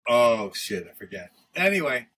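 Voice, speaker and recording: A man in a casual podcast chat, telling crude jokes in a rambling, halting way that is full of restarts. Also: mid-range voice, big pitch swings, pushed and bright, a little hiss or hum. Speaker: podcast co-host.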